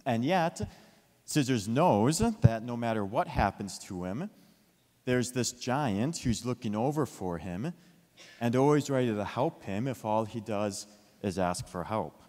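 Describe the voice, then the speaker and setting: A man telling a children's story with a lesson, lively and asking his listeners questions. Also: mid-range voice, unhurried. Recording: long hall reverb.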